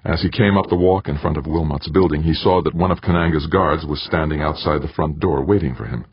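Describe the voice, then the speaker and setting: A man narrating an audiobook in a husky voice with a dramatic, expressive reading. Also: very deep voice, a little fast, muffled recording. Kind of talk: scripted narration.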